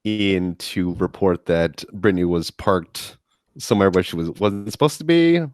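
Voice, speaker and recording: A man's voice: low-pitched, normal speed, dry recording, studio quality. A young man bantering sardonically on a comedy podcast, swearing freely. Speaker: podcast guest.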